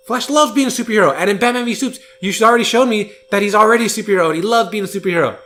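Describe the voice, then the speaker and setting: Guy ranting quick on a podcast, high voice, swears a lot. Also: fairly bright tone, slight background noise. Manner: ranting, heated, swears freely. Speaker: podcast co-host. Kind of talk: casual chat.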